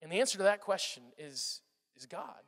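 A man in his thirties preaching a sermon, telling animated family stories and acting out his children's voices. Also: high-pitched, fairly quick. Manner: animated storytelling, acts out his kids' voices. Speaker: pastor. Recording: reverberant hall sound.

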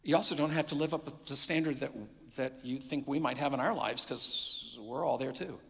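A middle-aged man, a pastor preaching a sermon, swinging between loud emphasis and hushed near-whispers. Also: medium pitch, normal speed, gravelly. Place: church sanctuary. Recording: long hall reverb.

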